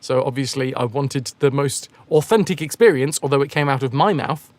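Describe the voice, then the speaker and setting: A man's voice: medium pitch, a little fast, dry recording. A man chatting casually on a game live stream, rambling and joking as he answers chat messages.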